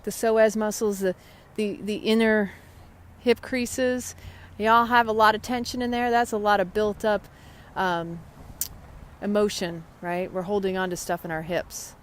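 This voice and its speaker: Woman host, mid pitch, chatty and rambling, casual wellness live stream, faint hiss behind. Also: steady tone, measured pace. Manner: chatty, rambling, greets viewers by name. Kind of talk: casual live chat about yoga and wellness.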